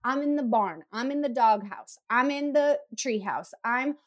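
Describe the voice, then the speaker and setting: A woman's voice: on the high side, lively intonation, measured pace. A woman in her thirties, chatting casually and telling stories with animation, acting out her own screams and quotes. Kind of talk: casual chat.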